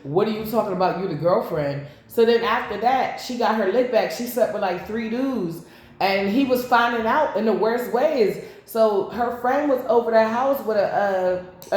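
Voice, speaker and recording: A woman's voice: on the high side, a little mellow. A woman giving a casual tarot reading to camera, blunt and profane, drifting into rambling asides. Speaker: tarot reader. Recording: very echoey room.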